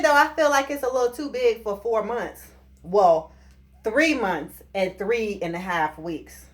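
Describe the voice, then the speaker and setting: Animated, joking woman vlogger. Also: mid-range voice, a little slow. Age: 30s. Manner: animated, joking, playful sing-song bursts. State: out of breath. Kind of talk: casual pregnancy update vlog.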